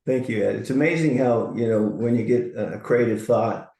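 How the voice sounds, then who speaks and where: Gravelly low-voiced man in a roomy space. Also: normal speed, dark tone. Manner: reflective, earnest storytelling. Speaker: co-host. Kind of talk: casual chat.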